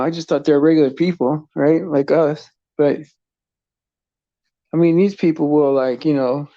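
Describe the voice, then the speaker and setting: Rambling, gravelly man on a lo-fi stream. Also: fairly high pitch, no echo. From United States. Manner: rambling, heavy with fillers and restarts; chuckles often while talking. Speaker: livestream host. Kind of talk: casual livestream chat. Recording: dull lo-fi sound.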